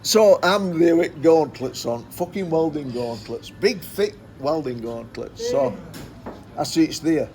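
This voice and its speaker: A man's voice: a little high, animated, a little slow, crowd noise. A man telling a rambling anecdote, swearing constantly and repeating himself. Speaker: storyteller.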